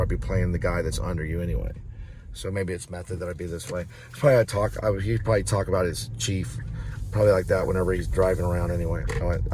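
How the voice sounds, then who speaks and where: Deep-voiced man rambling in a car. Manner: ranting, rambling, shifts between muttering and raised voice. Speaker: vlogger. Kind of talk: rambling monologue while driving. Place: car at night. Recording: noisy in-car recording. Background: road and engine noise.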